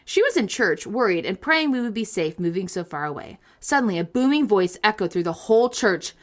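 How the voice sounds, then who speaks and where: A woman's voice: medium pitch, big pitch swings, brisk. A woman co-hosting a casual podcast, reading listener stories aloud with playful comic asides and frequent laughter.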